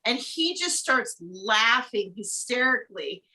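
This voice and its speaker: A woman's voice: a little high, very animated, a little slow, pushed and bright. A woman co-hosting a casual live stream, telling a story animatedly with frequent laughter and swearing. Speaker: co-host.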